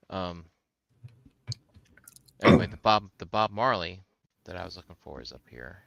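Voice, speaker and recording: Host, male, low gravelly voice, lively up-and-down delivery, rambling and salty, casual chat. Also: unhurried, long pauses, noisy background. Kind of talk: casual chat while collecting and sorting figures.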